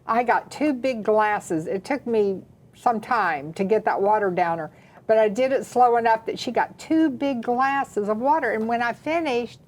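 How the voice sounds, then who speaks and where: A woman from the American South, co-hosting and telling a personal story in a lively, dramatic way. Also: on the high side, moderate pace. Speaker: co-host. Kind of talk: casual storytelling chat.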